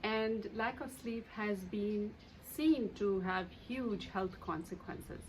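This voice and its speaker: Woman, coach, casual to-camera talk, filler-heavy, mid pitch, faint background noise. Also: slow, a little mellow, poor audio. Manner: conversational, many fillers and anecdotes. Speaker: EFT coach and author.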